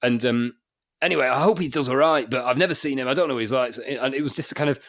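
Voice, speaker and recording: A man's voice: medium pitch, quick pace, fairly bright tone. A man in his forties from Wakefield in England, a comedian telling rambling anecdotes in a casual podcast chat, with frequent restarts and chuckles. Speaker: guest comedian.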